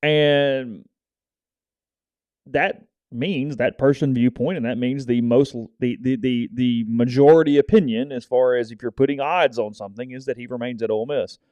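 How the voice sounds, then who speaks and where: Wry man with a mellow voice. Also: mid-range voice, fairly even intonation, moderate pace, no echo, lo-fi sound. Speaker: podcast co-host. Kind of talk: casual sports talk.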